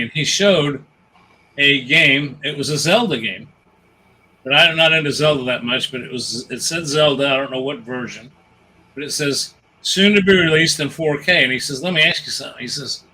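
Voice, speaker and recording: A man's voice: a little high, bright, forceful tone, slight background noise, poor audio. A man co-hosting a casual gaming chat, telling long stories and jokes with many restarts. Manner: rambling storyteller, restarts and retells jokes. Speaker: podcast co-host.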